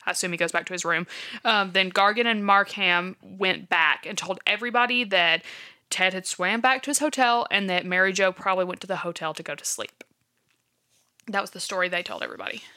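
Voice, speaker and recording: A woman's voice: medium pitch, brisk, pushed and bright. A woman casually retelling a true-crime case from her notes, with many fillers like "um" and "like". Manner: chatty, filler-heavy, checks her notes. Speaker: podcast co-host.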